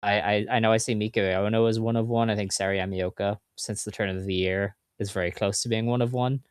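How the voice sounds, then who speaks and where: A man's voice: fairly low pitch, fairly even intonation, fast talker, smooth, no room sound, clean studio sound. A man co-hosting a podcast, chatting casually and recapping results in enthusiastic detail. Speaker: podcast co-host. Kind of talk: casual chat.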